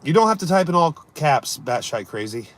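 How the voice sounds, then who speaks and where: A man hosting a casual live stream, joking around and answering viewers' chat, swinging between loud bursts and mumbled asides. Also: a little high, sing-song, normal speed.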